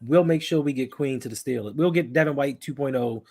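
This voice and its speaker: Give me a joking, laid-back man with a slightly husky voice on a sports podcast. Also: medium pitch, a little fast, darkish tone. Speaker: podcast guest. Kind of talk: casual sports podcast chat.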